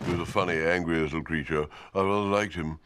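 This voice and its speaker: An actor playing a pompous, plummy older television executive reminiscing smugly. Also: male voice, deep voice, fairly even intonation, fast talker, heavy background noise, natural voice.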